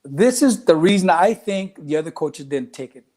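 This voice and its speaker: Animated coach telling stories. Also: male voice, fairly high pitch, moderate pace. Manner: animated, acts out quoted voices, mixes in Spanish phrases. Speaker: track and cross country coach. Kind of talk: casual interview storytelling.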